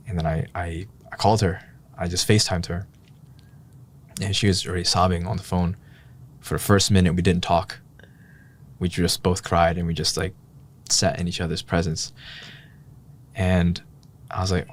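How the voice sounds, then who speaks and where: Deep-voiced man, reflective and candid. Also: little pitch movement, moderate pace, long pauses. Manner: reflective and candid, thinking aloud with sighs. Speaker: podcast co-host. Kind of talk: casual heart-to-heart chat.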